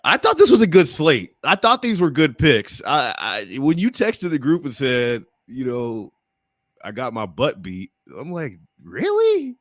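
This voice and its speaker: A man hosting a sports podcast in casual chat, playful and teasing and quick to laugh. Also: mid-range voice, big pitch swings, fairly bright tone, no room sound, clean studio sound. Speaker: podcast host.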